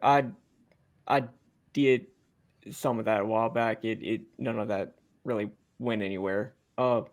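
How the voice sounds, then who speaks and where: A man's voice: on the low side, steady tone, measured pace, lightly acted. A man voicing a nervous young male college student from Louisiana who stammers and hesitates.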